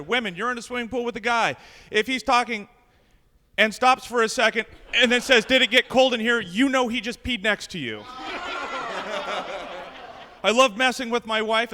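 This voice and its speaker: A man's voice: high voice, sharp tone, in a large hall. A man in his thirties doing a stand-up comedy set on a club stage, delivering punchy jokes into a handheld mic. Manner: brash, punchy joke delivery.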